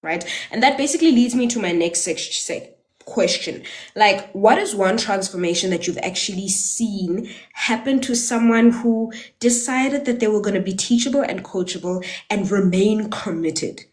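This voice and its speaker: A woman's voice: mid-range voice, expressive, normal speed. A woman hosting a casual live interview who asks her guest earnest, conversational questions. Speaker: host.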